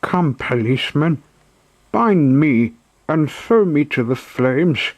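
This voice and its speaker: A man's voice: very animated, slow, heavily acted. A man voicing an earnest wooden puppet boy in a raised, pleading voice. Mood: proud. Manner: pleading, high strained voice.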